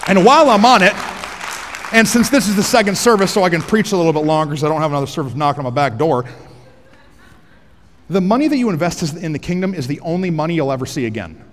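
A pastor preaching a sermon on a headset mic in a large church auditorium, energetic and joking, rising to shouts for emphasis. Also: male voice, on the high side, quick pace, long reverb tail, a faint crowd, a little hiss or hum.

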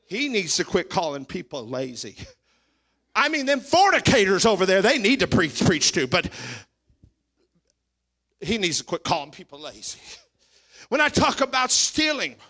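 A man preaching a sermon as pastor, swinging between quiet asides and shouted, sing-song declarations, sometimes mimicking his congregation. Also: sits high, sing-song, normal speed, pauses often. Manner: mimics congregation members for effect.

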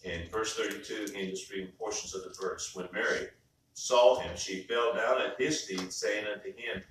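A man with a somewhat low voice preaches in a plain, conversational way, stumbling over and repeating words as he goes. He sounds a little distant from the mic, and the church around him rings with a heavy echo. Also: steady tone, normal speed, sharp tone, slight background noise. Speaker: pastor. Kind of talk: sermon. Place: church sanctuary. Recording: far-off mic in echoey church.

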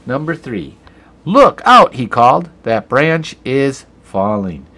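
A man's voice: mid-range voice, expressive, slow pace. A man teaching an online grammar lesson, patiently explaining each step while he types. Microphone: computer camera mic.

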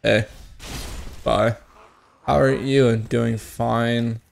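Young man, gaming commentary, crude jokes, tipsy, sudden loud outbursts, mid-pitched voice. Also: level tone, extremely slow, vocal fry, a little hiss or hum. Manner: profane, joking, outbursts at the game. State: tipsy from whiskey. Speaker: gaming streamer. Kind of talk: casual gameplay commentary.

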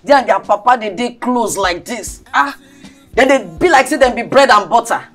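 An actress playing a cheeky, streetwise young housemaid with a Nigerian accent, talking back in pidgin. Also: female voice, on the high side, expressive, normal speed, a bit bright, faint music behind. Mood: brash. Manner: brash, talks back in pidgin.

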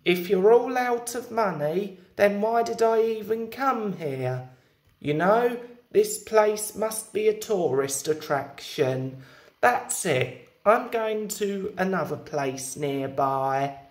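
A man's voice: high voice, animated, slow pace. A man voicing an annoyed customer who complains with exasperation. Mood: exasperated. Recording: echoey room.

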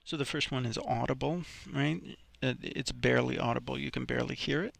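A man's voice: medium pitch, steady tone, a little fast, gravelly, dry recording. A man teaching a recorded vocabulary lesson, explaining each example step by step with many ums and restarts.

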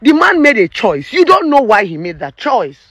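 A woman's voice: a little high, sing-song, moderate pace, fairly bright tone, breathy edge, dry recording. A woman in her thirties with a Nigerian accent, a relationship therapist giving her opinions in a preachy, emphatic vlog rant. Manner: emphatic and preachy, slipping into Pidgin.

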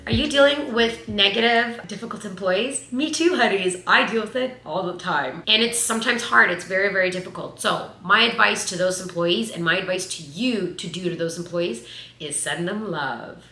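Chatty twenties woman giving life advice, bright voice, roomy echo. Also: mid-range voice, moderate pace, soft background music. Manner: chatty, animated, says "like" a lot. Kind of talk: casual advice vlog. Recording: echoey room.

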